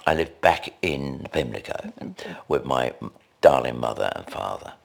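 Very deep, gravelly older man. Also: measured pace. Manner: animated, rambling anecdotes. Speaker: guest. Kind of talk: radio interview storytelling. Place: indoor recording location.

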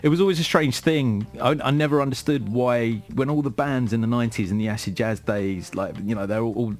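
A man's voice: mid-range voice, fairly quick, darkish tone. A man from London hosting a casual music chat, talking hesitantly with lots of fillers. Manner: hesitant, filler-heavy talker. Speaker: host.

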